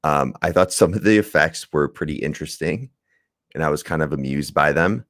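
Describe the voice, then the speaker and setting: Very deep-voiced man reviewing a movie. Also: a little fast, a bit bright, dry recording, studio quality. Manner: rambling, laughs while talking, swears casually. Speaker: podcast co-host. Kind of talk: casual chat, movie review.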